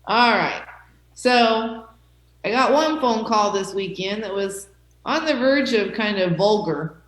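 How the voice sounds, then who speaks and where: A woman's voice: mid-range voice, animated, slow. Woman teacher, medium voice, reassuring, keeps asking okay? right?, echoey room. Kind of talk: classroom talk.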